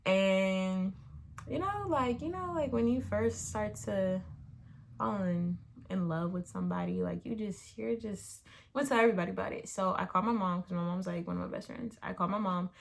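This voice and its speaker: A woman's voice: mid-range voice, moderate pace, creaky, a little hiss or hum. A young woman chatting casually on her vlog, answering viewer questions in a rambling way with lots of filler words. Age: young adult. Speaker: YouTuber answering Q&A. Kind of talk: casual chat.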